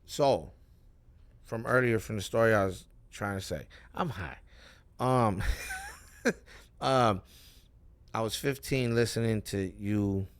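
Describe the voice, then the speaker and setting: A man's low, gravelly voice, rambling through casual chat as a guest on a live stream. He swears freely, restarts his sentences, and sounds high and dry-mouthed. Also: a bit bright. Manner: rambling, profane, loose and self-interrupting. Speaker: rapper guest.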